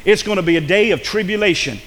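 A man's voice: high voice, fast, fairly bright tone. A male pastor preaching a fervent sermon in a church, swelling into impassioned calls to the congregation. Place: church sanctuary. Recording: reverberant church hall.

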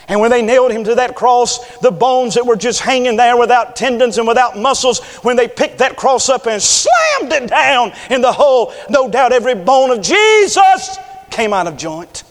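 A man preaching a revival sermon, swinging from loud, impassioned scripture reading to hushed, intimate appeals. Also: very high voice, big pitch swings, moderate pace, big-room sound. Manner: reads scripture in King James wording with fervor.

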